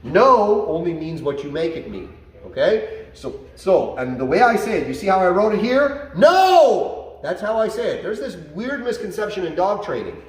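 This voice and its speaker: A man's voice: high-pitched, normal speed, recorded from a distance. A man teaching dog training, explaining commands and acting out how he tells dogs off, recorded in a training facility. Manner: animated, acts out commands to dogs in a loud excited voice. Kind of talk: instructional talk. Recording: echoey room, away from the mic.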